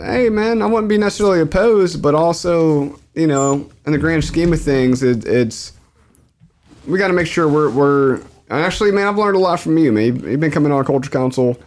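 A man's voice: on the high side, brisk, a little mellow, slight background noise. A man co-hosting a podcast, talking casually and rambling through big ideas, often repeating his words. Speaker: podcast co-host.

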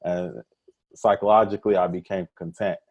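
Low voiced dude on a podcast, chill and slangy, gives pep talk advice. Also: male voice, steady tone, normal speed, darkish tone, muffled recording. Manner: laid-back slangy motivational talk. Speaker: podcast guest. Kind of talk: casual podcast interview.

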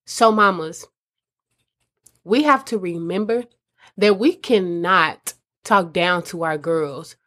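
Taking her time with long pauses, a woman with a low-leaning, slightly bright voice hosts a casual advice talk for mothers. She speaks earnestly and conversationally, calling them "mamas."

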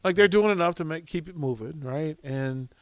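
A middle-aged radio host with a fairly high voice talks at normal speed, telling meandering stories in relaxed on-air chat and laughing a lot. He's in a radio studio on a studio microphone, with no echo.

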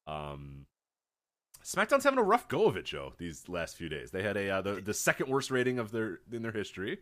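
Lively, joking man co-hosting a podcast. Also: lowish voice, brisk. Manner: chatty, laughs often, jokey. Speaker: podcast co-host. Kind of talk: casual chat.

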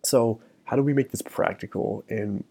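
A man's voice: mid-range voice, normal speed, gravelly, slightly rough. A middle-aged man hosting a solo podcast, talking casually with many ums and you-knows. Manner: relaxed, many fillers like um and you know. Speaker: podcast host.

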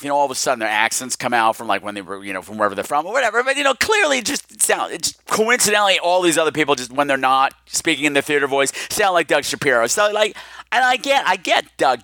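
Campy, bright-voiced podcast host man. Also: a little high, no room sound, clean studio sound. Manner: campy, teasing, theatrical. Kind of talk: casual podcast monologue.

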